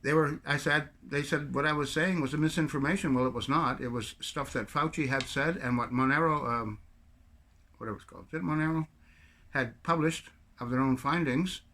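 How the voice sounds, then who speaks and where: A man's voice: fairly high pitch, a little fast, sharp tone. A man from Canada giving a rambling, sarcastic political rant to camera as a video commentator. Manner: rambling, sarcastic storyteller with mocking put-on French bits.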